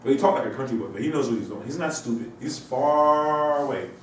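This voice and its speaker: Fighting a cold, a male instructor with a medium-pitched voice talks fast through a rambling university lecture, asking his students question after question. He sounds far from the mic in a heavily echoing room with a faint hiss.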